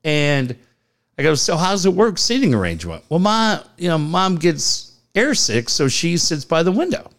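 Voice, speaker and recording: A man's voice: fairly high pitch, big pitch swings, moderate pace, a bit bright. A middle-aged man co-hosting a podcast, telling stories in casual chat, acting out the dialogue and swearing freely. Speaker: podcast co-host.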